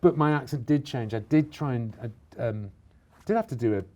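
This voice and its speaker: Brief: Yorkshire man, mellow low-key tone, lively self-mocking chat with lots of restarts. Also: normal speed. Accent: Yorkshire (Bradford). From Bradford, England. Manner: animated, restarts often, self-mocking asides. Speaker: actor, interview guest. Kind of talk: casual interview chat.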